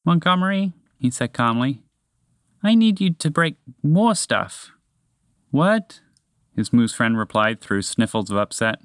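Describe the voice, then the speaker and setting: A man voicing a small, kind male mouse who gently encourages his friend, for a spoken storybook. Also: fairly high pitch, dry recording, studio quality.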